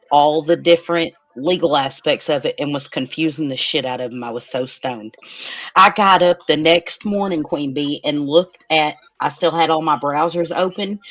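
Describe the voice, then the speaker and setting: A woman's voice: low-pitched, a bit bright, no room sound. Giggly woman confessing on a call. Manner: laughing, confessional, fast rambling. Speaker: panel guest. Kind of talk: casual livestream chat.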